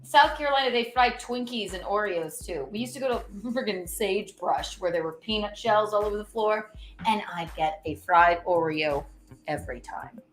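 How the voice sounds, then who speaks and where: A woman hosting a casual cooking livestream, chatting in an animated, giggly way and reading out viewer tips. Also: medium pitch, normal speed. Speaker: cooking show host. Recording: echoey room with faint music.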